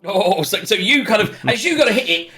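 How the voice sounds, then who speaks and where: A bright-voiced man narrating as game master, his tone light and fairly high. He laughs often and rambles through the action in a loose, chatty way. Faint music plays in the background. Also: brisk. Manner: lively, giggly, rambling narration.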